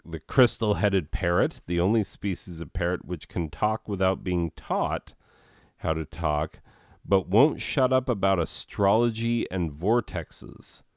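A man with a low, smooth voice drawls through a game's text at an unhurried pace. He rambles and keeps breaking off for sarcastic jokes and filler words. The sound is dry and close, with no room around it. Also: no echo. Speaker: let's play host. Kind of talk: casual commentary reading in-game text.

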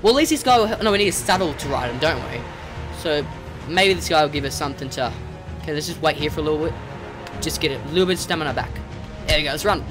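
Excitable young gamer, high and lively. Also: male voice, fast, over loud music. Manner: excitable, rambling, yelps at game creatures. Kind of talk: let's play commentary.

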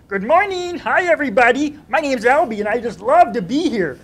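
A man voicing a crazy little bird puppet, excitable and gushing to the kids. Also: very high-pitched, fairly quick, breathy edge, pitched above the performer's own voice, heavily acted. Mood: excited.

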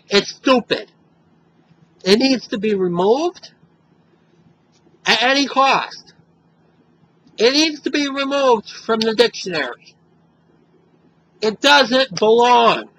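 A man records a direct-to-camera advocacy monologue, upset and openly angry. His voice is bright and forceful. He talks slowly and repeats himself for emphasis. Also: extremely high pitch, rough recording. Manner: impassioned, emphatic and repetitive. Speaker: video blogger.

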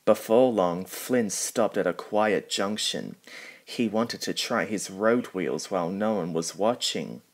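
A man reading a children's picture book aloud in a lowish voice. He goes very slowly and carefully, pausing between phrases. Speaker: storybook reader. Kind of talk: storybook narration.

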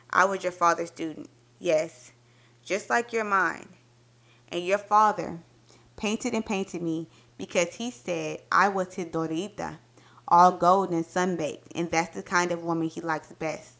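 A woman with a fairly low voice reads a short story aloud as a dramatic performance. She tells it in an intimate, expressive first-person voice. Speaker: book reviewer reading a story aloud.

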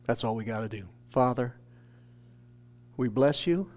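A man's voice: medium pitch, expressive, unhurried. A man from a church staff telling an earnest, emotional testimony in a sermon. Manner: earnest storytelling, rising to shouted quotes.

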